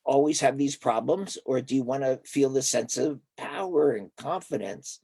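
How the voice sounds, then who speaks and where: Husky older man telling stories. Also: mid-range voice, moderate pace, no echo. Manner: animated storyteller who acts out quoted dialogue. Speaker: therapist. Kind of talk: conversational storytelling in an interview.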